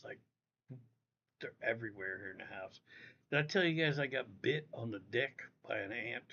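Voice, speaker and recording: A man's voice: mid-range voice, measured pace, pauses often, sharp tone, slight background noise. A man hosting a casual livestream, rambling and cursing freely as he talks straight to his viewers from home. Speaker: livestream host. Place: indoors at home. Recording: dull lo-fi audio.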